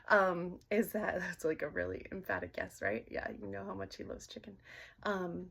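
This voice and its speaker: A middle-aged woman gently asking questions aloud in a casual session, hesitant and often dropping to a whisper. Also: lowish voice, sing-song, gravelly, breathy edge. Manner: soft-spoken, halting, often drops to a whisper. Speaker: dowsing-rod reader.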